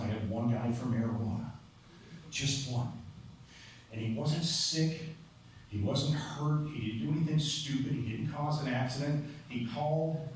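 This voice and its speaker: A man doing a stand-up comedy set on a club stage, telling stories in a conversational way with punchy asides. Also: fairly high pitch. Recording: echoey club, distant mic, crowd noise. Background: audience laughter.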